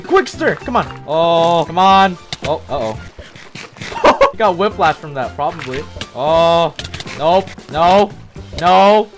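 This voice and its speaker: A young man in excited gameplay commentary, swinging between quiet muttering and sudden yelps and laughs. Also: on the high side. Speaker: gaming YouTuber. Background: game music.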